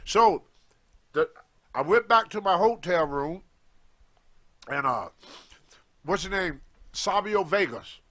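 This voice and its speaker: A man telling a story in casual talk, animated and acting out the voices of the people in it, with loose grammar. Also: high-pitched, takes it slowly, pauses often. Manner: animated, acts out others' voices in his stories, loose grammar. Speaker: guest storyteller, former wrestler.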